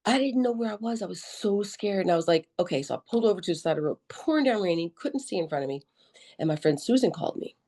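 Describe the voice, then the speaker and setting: A middle-aged woman as a podcast guest, telling her story in a lively, joking, colloquial way and acting out her own quotes. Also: medium pitch, fast talker. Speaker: podcast guest, army veteran nurse. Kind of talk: conversational interview storytelling.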